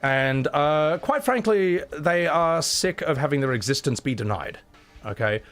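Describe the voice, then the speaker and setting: A man's voice: a little high, expressive, a little slow, fairly bright tone, faint music behind. A man with a Scottish accent chatting casually on a live stream, blunt and sweary, thanking viewers between rants. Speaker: livestreamer.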